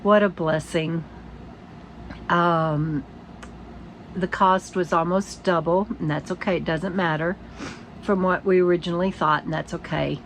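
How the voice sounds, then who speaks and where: Older woman, tired, casual morning vlog chat, halting and rambling, lowish voice, faint room ambience. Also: fairly even intonation, slight background noise, poor audio. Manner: rambling, halting, with frequent restarts and soft laughs. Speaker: vlogger. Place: inside her RV.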